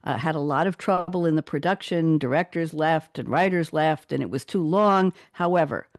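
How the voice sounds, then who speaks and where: A woman hosting a casual radio interview from her home studio, lively and quick. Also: low-pitched, no echo. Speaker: radio show host.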